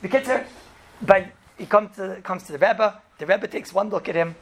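A man with teaching a class as a rabbi, telling stories in a lively way and often asking "right?". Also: high-pitched, normal speed, a crowd in the background. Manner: animated, acts out characters, frequent "right?" and "you know". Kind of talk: storytelling Torah class.

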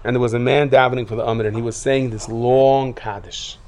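A man giving a sermon full of stories, acting out voices and rising to loud bursts. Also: medium pitch, fairly quick, slight background noise. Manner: lively storyteller who acts out quotes, rising to loud outbursts. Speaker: rabbi giving a talk.

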